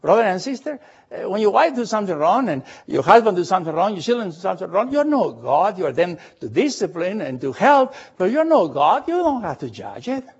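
Preacher, male, high husky voice, animated storyteller who puts questions to the congregation, dull lo-fi recording. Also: brisk. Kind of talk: sermon retelling a Bible story.

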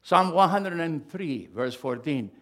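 A middle-aged male pastor preaching a sermon, swinging from loud, emphatic bursts to hushed asides. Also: on the high side, expressive, measured pace.

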